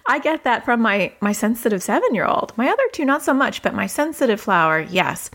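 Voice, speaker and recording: A woman in her thirties, a parenting coach, giving advice in a chatty podcast style and jumping up in pitch when she acts out what children say. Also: fairly quick. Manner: conversational, acts out quoted dialogue with lively pitch jumps.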